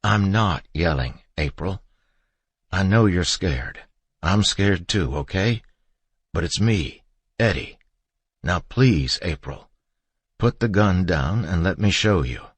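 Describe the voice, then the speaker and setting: A man playing a frantic young husband, shouting. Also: lowish voice, expressive, slow pace, slightly rough, no room sound, voice pushed up, full character voice. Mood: soothing. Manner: shouting, pleading. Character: frantic young husband searching for his wife.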